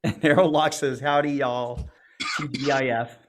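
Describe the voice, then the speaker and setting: A man's voice: mid-range voice, fairly even intonation, moderate pace, noisy background. A man hosting a live show in a casual, joking way, reading out viewer greetings. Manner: reads viewer comments aloud, jokes. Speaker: host. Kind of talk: casual livestream chat.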